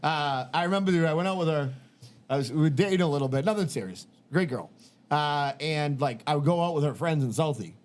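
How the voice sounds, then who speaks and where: A man in his thirties with a slightly high voice hosts a casual podcast. He rambles from story to story, swears freely, and acts out each person's lines. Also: lively intonation, brisk. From Massachusetts. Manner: profane, rambling storyteller who acts out quotes. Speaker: podcast host.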